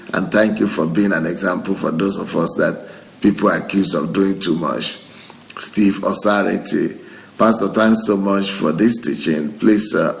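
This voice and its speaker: A low, gravelly male voice, a pastor chatting loosely as he works through viewer comments. He laughs easily and often between the names he reads. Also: poor audio. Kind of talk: reading out viewer comments and responding.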